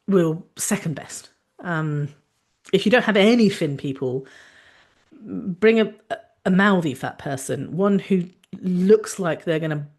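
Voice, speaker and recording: A woman doctor hosting a talk, explaining frankly in a chatty way with lively asides. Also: lowish voice. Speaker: doctor and podcast host.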